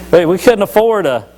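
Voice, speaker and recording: A man's voice: fairly high pitch, a little hiss or hum, low-quality recording. A man giving a folksy, joking devotional talk at church, telling Bible stories with many restarts. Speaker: lay church speaker.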